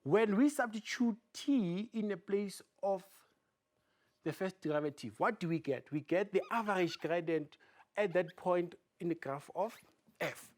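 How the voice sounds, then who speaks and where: A maths teacher giving a video lesson, asking rhetorical questions and repeating key terms, often trailing off quietly at phrase ends. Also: mid-range voice, lively intonation, a little slow.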